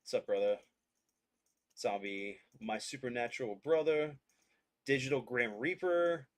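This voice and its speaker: Relaxed male host, mid-pitched, chatty streamer reading the chat. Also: unhurried. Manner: relaxed, greets chat, laughs often. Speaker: podcast host and game commentator. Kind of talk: casual chat and livestream commentary.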